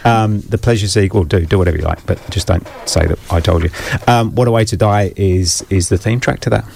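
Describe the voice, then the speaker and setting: Man, radio co-host, casual studio banter, rambling jokey storytelling, low voice, gravelly fry. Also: fast talker, darkish tone, slight background noise.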